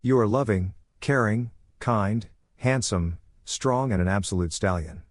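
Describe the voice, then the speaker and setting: A man's voice: on the low side, measured pace, no room sound, clean studio sound. A man voicing a headstrong young woman reading her wedding vows in a plain storybook manner. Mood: tender.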